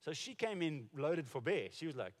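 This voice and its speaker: A man's voice: a little high, sing-song, normal speed. A man in his forties or older, a pastor preaching a sermon and telling stories conversationally, with frequent restarts. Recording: reverberant hall.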